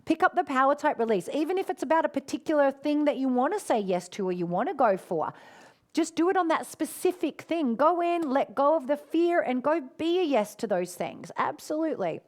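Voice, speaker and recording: A woman with a fairly high voice hosting a live stream from home. She talks to her viewers in an effusive, encouraging way, calls them darling, and breaks into gasps and cheers. The sound is a plain webcam-style mic. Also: animated, brisk, a little mellow. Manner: affectionate, calls people darling. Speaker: host of a live lunchtime online session.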